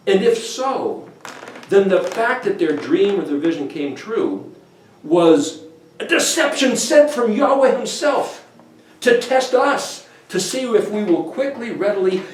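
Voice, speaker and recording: A man giving an informal, animated scripture teaching, acting out quoted voices as he goes. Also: high-pitched. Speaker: bible teacher. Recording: echoey room, voice from a distance.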